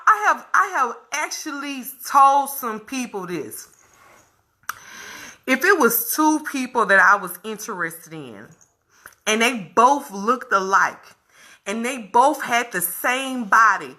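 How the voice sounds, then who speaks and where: A woman's voice: sits high, sharp tone. A woman vlogger talking candidly to her viewers, emphatic and repetitive, speaking to them directly.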